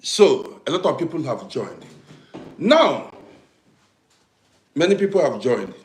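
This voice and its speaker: Livestream host, a man with an African English accent, emphatic and repetitive, with a slightly high voice that swings widely. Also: big pitch swings, slow, echoey room. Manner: emphatic, repeats "do you understand me", swings from quiet to loud bursts. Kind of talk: live-streamed commentary to viewers.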